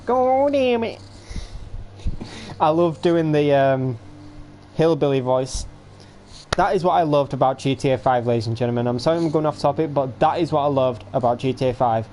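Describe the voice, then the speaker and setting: A man's voice: medium pitch, brisk, darkish tone, a little hiss or hum. A man in his late teens, chatting casually and rambling to viewers on a home livestream.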